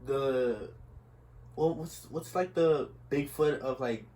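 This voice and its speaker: A young man co-hosting a casual podcast, giving brief, low-key replies. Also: slow pace, warm tone. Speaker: podcast co-host. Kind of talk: casual chat.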